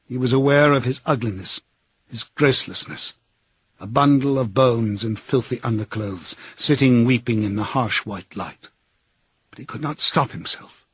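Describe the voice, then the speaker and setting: A man narrating a novel as an audiobook in a measured, grave way. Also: mid-range voice, fairly bright tone, husky, dry recording, dull audio.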